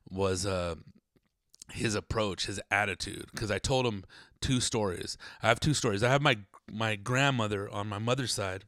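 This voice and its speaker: A man's voice: lowish voice, a bit bright, no room sound, clean studio sound. A man telling a personal story in a casual, rambling, profane monologue, laughing often.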